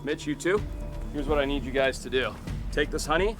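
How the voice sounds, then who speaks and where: A man presenting wildlife on location, excitable and exclamatory, cooing at the animals he is showing. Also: fairly high pitch, brisk, over music.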